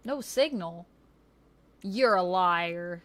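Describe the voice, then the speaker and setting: A woman's voice: fairly low pitch, lively intonation, very slow, fairly bright tone. A woman streamer chatting casually during a live stream, thinking aloud while she fixes her setup. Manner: chatty, laughs often, thinks aloud while fixing tech.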